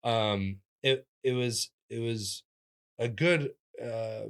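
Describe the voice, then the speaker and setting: A man, a comedian, telling stories in a casual interview, animated and acting out the voices of people he quotes with sudden jumps in pitch. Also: takes it slowly. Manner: talks in restarts and fillers, lively physical-comic energy. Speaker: comedian guest.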